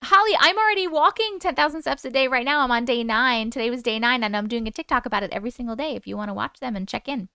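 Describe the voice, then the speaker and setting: Chatty woman streamer, slightly high voice, smooth and clean, dry close sound. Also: animated, quick pace, few pauses, bright, forceful tone, no echo. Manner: chatty and upbeat, reading viewer comments aloud. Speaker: livestream host. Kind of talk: casual livestream chat.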